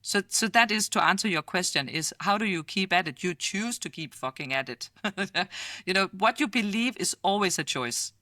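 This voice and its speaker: A middle-aged woman with a Danish accent, a futurist guest in a casual interview, talking lively, laughing often and acting out quoted voices. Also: mid-range voice, moderate pace, no echo, studio quality. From Denmark.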